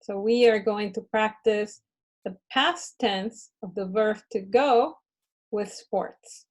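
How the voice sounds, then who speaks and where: A woman teaching a Spanish lesson to children, switching between English and Spanish and modeling words slowly and clearly for the class to repeat. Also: medium pitch.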